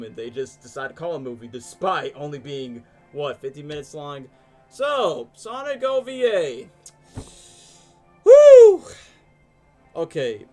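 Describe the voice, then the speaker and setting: A young man hosting a live stream, chatting casually and animatedly with lots of fillers. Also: mid-range voice. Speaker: stream host. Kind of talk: casual chat, ranking shows live.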